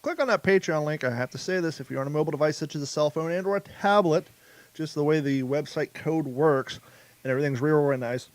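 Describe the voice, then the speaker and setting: A man's voice: fairly high pitch, quick pace, dry recording. A man hosting a casual podcast, rambling loosely and swearing freely as he chats. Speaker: podcast host.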